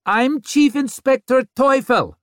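A woman's voice: sits high, slow, no echo, clean studio sound, voice pushed up. A man voicing a hard-bitten, weary female police chief inspector who talks bluntly and swears. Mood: stern. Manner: blunt and profane.

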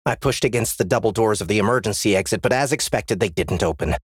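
A man's voice: on the low side, fast, husky, dry recording, clean studio sound. A man narrating a first-person story as an audiobook, in a tense, dramatic reading.

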